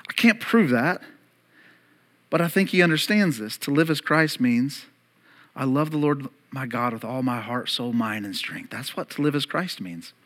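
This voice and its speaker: Emphatic preacher man, bright voice. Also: lively intonation, normal speed. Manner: emphatic, climbs louder and higher, then drops to soft and low; calls on the congregation to repeat words. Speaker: pastor. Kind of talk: sermon.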